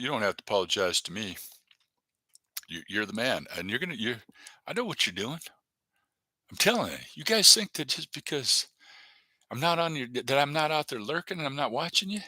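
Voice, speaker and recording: A man's voice: mid-range voice, lively intonation, moderate pace, pauses often, bright, forceful tone, no room sound. A man hosting a live stream, rambling and joking casually as he talks to viewers in the chat by name. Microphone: desk webcam setup.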